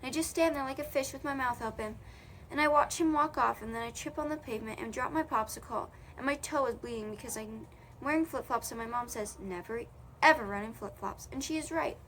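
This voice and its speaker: A woman's voice: high voice, fairly quick, fairly bright tone, a little hiss or hum. A young woman reading a children's novel aloud in a casual way, correcting her own slips as she goes. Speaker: audiobook reader.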